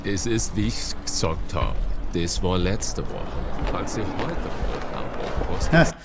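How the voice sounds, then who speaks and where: A blunt German bread seller, voiced by a man states prices in a flat, matter-of-fact way. His voice is very low. Music plays clearly beneath him in this animated history video. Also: a little slow. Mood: curt. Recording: music under the voice.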